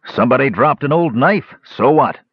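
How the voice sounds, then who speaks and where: A man's voice: medium pitch, expressive, normal speed, slightly rough, dry recording, lo-fi sound, voice pushed up. A man reading an audiobook, voicing a blunt, dismissive goblin with a harsh voice. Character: dull, blunt male goblin named Grum. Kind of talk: audiobook character voice.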